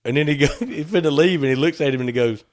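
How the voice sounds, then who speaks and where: A man's voice: fairly high pitch, fast. A middle-aged man, co-hosting a podcast, telling stories and laughing through the funny parts. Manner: laughs through his stories, acts out quotes. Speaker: podcast co-host. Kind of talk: casual storytelling chat.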